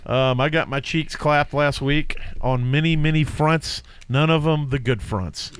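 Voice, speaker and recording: A man's voice: a little high, measured pace, clear, resonant tone, no echo. A man co-hosting a casual fantasy football podcast, rambling with fillers and restarts. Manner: rambling, with many fillers and self-corrections. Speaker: podcast co-host.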